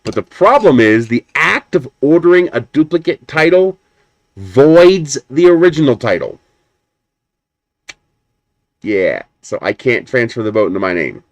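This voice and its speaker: A man's voice: mid-range voice, big pitch swings, unhurried, long pauses, no echo. A man hosting a live stream, chatting casually and rambling as he unboxes a printer and answers viewers. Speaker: 3D printing livestream host.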